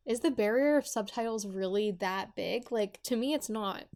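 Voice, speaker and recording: A woman's voice: medium pitch, unhurried, a little mellow. A woman in her twenties co-hosting a podcast, talking casually with lots of fillers and restarts. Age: 20s. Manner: chatty, many fillers and restarts. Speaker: podcast co-host. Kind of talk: casual chat.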